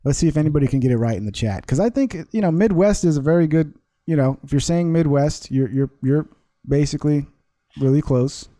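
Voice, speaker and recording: Rambling male livestream host, dark voice. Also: fairly high pitch, lively intonation, fairly quick, no room sound. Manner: rambling, laughs often, reads chat aloud. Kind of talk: casual live stream chat.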